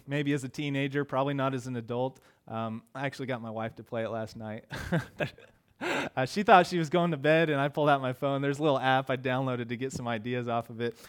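A middle-aged man preaching a sermon in a conversational way, often repeating words as he starts phrases. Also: on the high side. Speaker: pastor.

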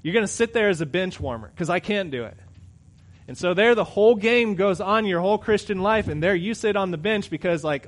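Man, pastor preaching, fairly high voice, conversational, loud emphatic bursts and quiet asides. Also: animated, fairly quick. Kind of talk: sermon.

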